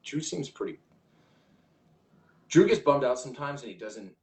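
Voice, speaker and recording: A man's voice: mid-range voice, lively intonation, normal speed, darkish tone, roomy sound. A man hosting a casual livestream, reading viewer comments aloud in a rambling way with frequent restarts. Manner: rambling, restarts often, reads chat aloud. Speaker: livestream host.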